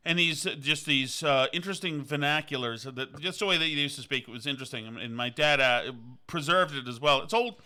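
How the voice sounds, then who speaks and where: A man from Vermont rambles through a casual podcast chat, circling back on himself with plenty of restarts and fillers. His voice is very bright and forward, sitting a little high for a man. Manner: halting, many restarts and fillers, digressive. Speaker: podcast host. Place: on location, indoors.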